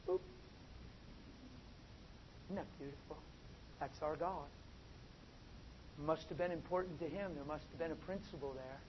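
A man preaching a sermon, swinging from soft asides to loud, drawn-out emphatic phrases. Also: on the high side. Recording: dull, lo-fi with faint noise.

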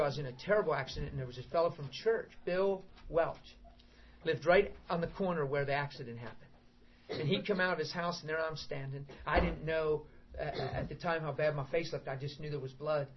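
A middle-aged man preaching an informal sermon to a small group, emphatic and animated, acting out prayers and quotes as he goes. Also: fairly high pitch. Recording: dull lo-fi recording with faint background hiss.

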